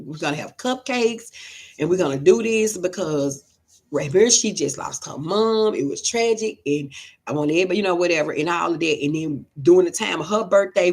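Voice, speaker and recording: A woman's voice: lowish voice, fairly bright tone. A middle-aged woman hosting a casual livestream, telling heartfelt stories and reading viewer comments aloud. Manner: emotional, heartfelt storytelling. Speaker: livestream host.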